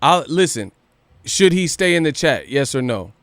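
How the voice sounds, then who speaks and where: A man hosting a boxing news livestream, ranting casually with profanity and rapid rhetorical questions. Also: on the high side, very animated, a bit bright, dry recording.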